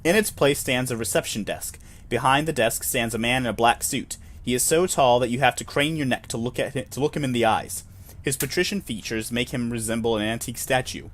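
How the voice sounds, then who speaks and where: A man's voice: mid-range voice, brisk, fairly bright tone. A man reading a solo tabletop role-playing game aloud, narrating in second person with wry, self-deprecating asides.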